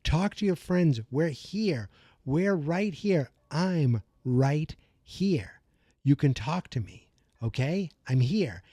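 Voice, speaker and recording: A man's voice: fairly high pitch, animated, slow, dry recording. A man doing an earnest pleading teen boy. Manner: pleading, repetitive, softer.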